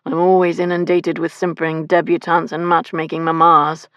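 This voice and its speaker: A woman voicing a wry, calm sea captain in an audiobook, dry and understated. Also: deep voice, moderate pace, no echo, muffled recording, close to an everyday voice.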